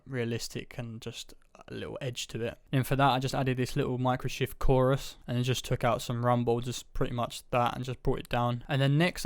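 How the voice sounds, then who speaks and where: A man's voice: mid-range voice, no room sound. Male producer narrating his own beat, easygoing, level delivery, clean and dry. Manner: relaxed, offhand, loose run-on steps. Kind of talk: casual screen-recorded production tutorial.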